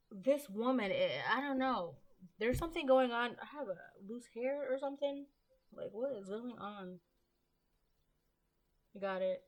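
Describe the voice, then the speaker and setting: A woman's voice: mid-range voice, fairly bright tone. A woman giving a casual collective tarot reading, rambling and chatty, with frequent ums and the odd casual swear word. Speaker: tarot reader.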